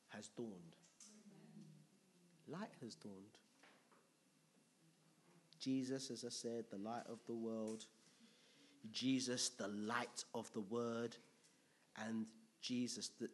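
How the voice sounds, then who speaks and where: A man preaching a Bible teaching sermon, repeating key phrases and breaking into loud, excited exclamations, laughing as he digresses. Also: on the low side, breathy edge. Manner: slow, repetitive, bursts into loud excited exclamations; laughs often, digresses into personal testimony.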